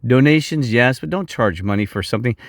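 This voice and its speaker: A man's voice: mid-range voice, brisk, no room sound, clean studio sound. A middle-aged man vlogging in a heated, rambling monologue that keeps jumping off topic and restarting. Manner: heated, digressive, many restarts.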